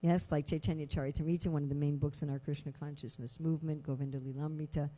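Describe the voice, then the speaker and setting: A woman's voice: low-pitched, fast. A woman giving a conversational scripture lecture, telling stories and asking rhetorical questions, with frequent filler phrases. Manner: conversational, many "you know" fillers; animated storytelling with rhetorical questions. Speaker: lecturer at a temple class.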